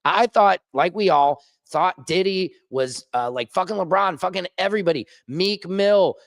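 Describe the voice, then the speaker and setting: A man vlogging as an independent journalist, ranting casually and joking, swinging between high excited bursts and low mutters. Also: normal speed, gravelly, dry recording. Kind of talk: casual vlog rant. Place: rooftop.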